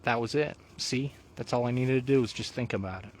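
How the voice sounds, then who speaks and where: A man's voice: mid-range voice, a little fast, slight background noise. A man from Colorado hosting a live vlog outdoors on a mountain, chatting casually and often asking his viewers "huh?".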